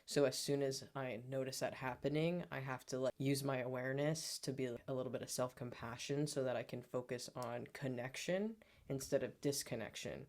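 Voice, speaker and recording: A man's voice: medium pitch, fairly even intonation, normal speed, hardly any pauses, darkish tone. A man co-hosting a podcast, earnestly reflecting on his own feelings and growth with therapy-style language. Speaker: podcast co-host. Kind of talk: personal storytelling on a podcast.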